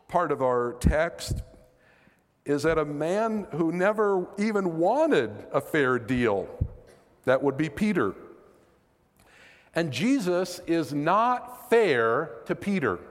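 A man's voice: a little high, in a large hall. A man preaching a sermon as pastor, earnest and conversational, asking rhetorical questions.

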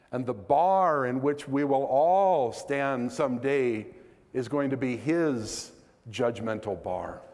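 A man's voice: mid-range voice, a little mellow, big-room sound. A man preaching a sermon as pastor, earnest and conversational, asking rhetorical questions.

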